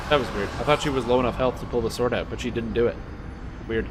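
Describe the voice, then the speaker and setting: Young guy streaming games in his apartment, sarcastic sweary rants, mid-pitched voice. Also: quick pace, noisy background. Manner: sarcastic, profane ranting. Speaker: game streamer. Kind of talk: casual gameplay commentary.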